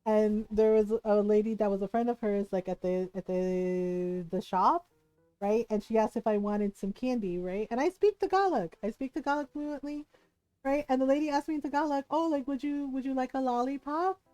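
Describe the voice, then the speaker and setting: A woman's voice: fairly high pitch, normal speed, clean tone, dry recording, soft background music, rough recording. Chatty woman from the Philippines. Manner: animated, laughs often, acts out quoted voices. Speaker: streamer. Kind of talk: casual storytelling to a live stream.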